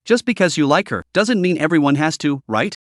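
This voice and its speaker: A man's voice: a little high, big pitch swings, brisk, no echo, clean studio sound. A man voicing a blunt, cool-headed young woman who questions others sharply. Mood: cold.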